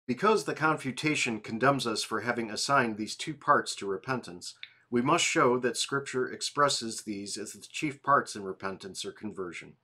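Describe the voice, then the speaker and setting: A tired man reading a church confession aloud in an evening devotional, steady and plain. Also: mid-range voice, moderate pace. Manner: reads steadily, apologizes and laughs at slips. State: yawning, tired.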